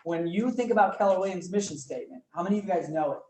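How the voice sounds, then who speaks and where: Energetic man teaching a class, far mic. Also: high voice, fast talker. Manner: energetic, quizzes the class often. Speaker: real estate trainer. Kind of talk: live classroom training talk. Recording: roomy room, mic from far off, faint noise.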